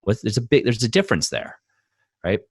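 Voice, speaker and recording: A man co-hosting a podcast and coaching men, telling stories in an emphatic, animated way full of fillers. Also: lowish voice, brisk, husky, no echo. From United States. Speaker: podcast co-host, men's coach. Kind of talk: casual podcast conversation.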